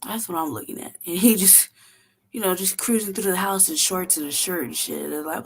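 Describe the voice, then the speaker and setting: Brief: woman host, casual profane storyteller, animated, quick to laugh. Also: medium pitch, vocal fry, husky. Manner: profane, animated, laughs often, acts out quotes. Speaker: show host.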